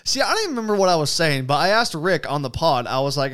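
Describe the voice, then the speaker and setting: A young man hosts a podcast in loose, rambling chat, swearing freely as he tells stories. His voice sits a little high for a man, and his pitch swings widely from line to line. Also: fast, hardly any pauses. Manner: rambling, profane, animated storytelling. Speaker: podcast host. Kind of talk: casual chat.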